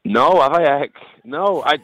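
A man's voice: a little high, lively intonation, measured pace, fairly bright tone. A man in his late thirties with a Lancashire accent, a guest chatting on a radio show, jokey and prone to repeating words. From England. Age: 30s. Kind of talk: casual radio chat. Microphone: phone. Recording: tinny phone line.

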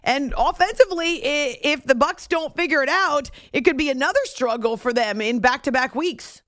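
A woman's voice: sits high, normal speed, fairly bright tone, no room sound. A woman hosts a sports radio show after hours, chatting and joking at herself as she goes. Her voice is recorded dry and close at a studio mic. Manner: chatty, self-deprecating, laughs easily. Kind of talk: late-night sports radio talk. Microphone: studio microphone.

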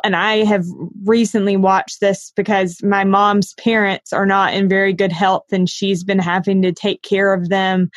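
A woman interviewer asking measured, thoughtful questions. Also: medium pitch, no echo.

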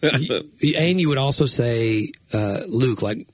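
A middle-aged man, a pastor co-hosting a podcast, talking casually in a rambling, self-correcting way with sudden excited jumps in pitch. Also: a little slow. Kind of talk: casual chat.

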